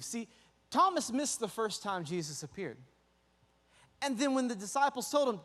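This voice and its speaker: A man, preaching a youth sermon and telling stories with lively acted-out voices. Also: very high voice, moderate pace. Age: 30s. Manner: lively storytelling, acts out voices. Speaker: youth pastor. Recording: echoey hall with music behind.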